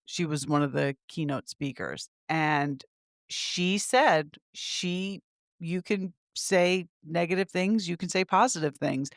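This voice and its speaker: Low-voiced opinionated woman podcaster. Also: slow pace, dry recording, studio quality. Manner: opinionated, emphatic, animated. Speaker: podcast co-host. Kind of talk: casual chat.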